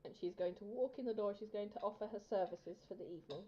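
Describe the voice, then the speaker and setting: A woman's voice: mid-range voice, fast, warm tone, a little hiss or hum. A woman playing a tabletop game, describing her character's actions in a casual, hesitant way. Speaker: player. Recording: dull lo-fi sound.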